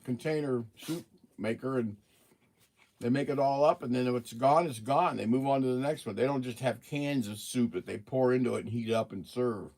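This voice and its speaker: A man's voice: mid-range voice, normal speed, darkish tone. Chatty man eating on a livestream. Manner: chatty, eating and talking with mouth full. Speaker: livestream host. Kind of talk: casual livestream chat.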